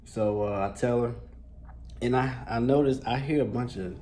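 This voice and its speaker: A man's voice: medium pitch, normal speed, warm tone. A man telling a casual storytime, talking loosely in street slang with a lot of fillers and swearing. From Columbus, Georgia, US.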